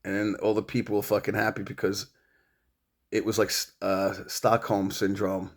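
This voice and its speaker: A man's voice: lowish voice, level tone, normal speed. A middle-aged man rambling at home, swearing and confronting an absent rival in a long monologue. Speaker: vlogger.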